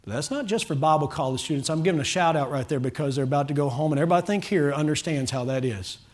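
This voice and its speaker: A man preaching a sermon to his congregation as pastor, fervent and rising to loud pleading calls. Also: on the high side, rapid-fire. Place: church sanctuary with a congregation.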